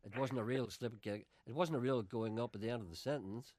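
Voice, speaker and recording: A man hosting a radio comedy show, trading deadpan, wry banter. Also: medium pitch, a little fast, no room sound.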